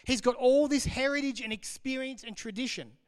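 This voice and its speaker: Animated preacher in a reverberant hall. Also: male voice, very high voice, brisk, smooth. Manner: animated, conversational, jokey. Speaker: pastor. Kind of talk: sermon.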